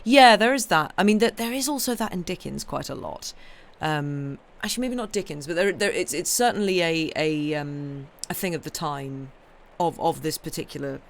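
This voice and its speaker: A woman's voice: low-pitched, lively intonation, moderate pace, vocal fry, hardly any pauses, a little hiss or hum. Rambling woman chatting on stream. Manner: rambling, with many ums and restarts. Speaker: streamer reading a novel aloud. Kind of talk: casual chat on a live stream.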